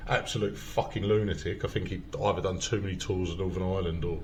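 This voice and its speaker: A man's voice: sits low, fairly even intonation, fast. Guy hosting a comedy podcast, swears a lot, acts out the quotes, light hiss behind. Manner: swears a lot, loud storytelling with acted quotes. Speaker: podcast host. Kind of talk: casual comedy podcast chat.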